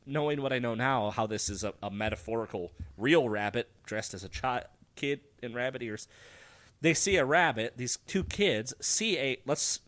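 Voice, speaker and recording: Bright, lively young man on a podcast. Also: mid-range voice, moderate pace. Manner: rambling, restarts, laughs. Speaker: podcast co-host. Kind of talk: casual film discussion.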